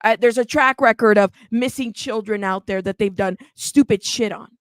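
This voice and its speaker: A woman hosting a true crime channel, talking in a casual, animated and sassy way, bilingual in Spanish. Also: fairly high pitch, normal speed, no echo. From United States. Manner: animated, sassy, frequent laughs. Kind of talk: casual livestream commentary.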